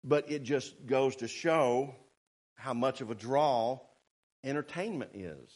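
A man preaching a sermon, fervent and swinging between shouted warnings and quiet asides. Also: mid-range voice, takes it slowly. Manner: fervent, rising to shouts, then quiet and sarcastic.

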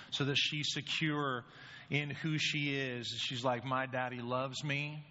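A man's voice: mid-range voice, fairly even intonation, moderate pace, pushed and bright, a little hiss or hum. A man preaching a sermon in a conversational way, often asking his listeners rhetorical questions. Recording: reverberant hall, dull lo-fi sound.

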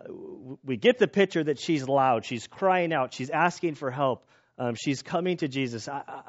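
Man, slightly high voice, conversational Bible teacher, earnest and thinking aloud, dull lo-fi recording.

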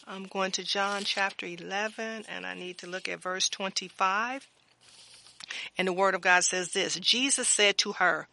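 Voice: medium pitch, vocal fry, pushed and bright, no room sound. A Bible teacher reading scripture passages aloud and breaking in with fervent amens and praise.

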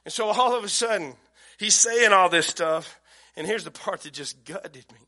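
A man's voice: high-pitched, expressive, moderate pace, pushed and bright. A middle-aged man preaching a sermon in a folksy, conversational way. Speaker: pastor.

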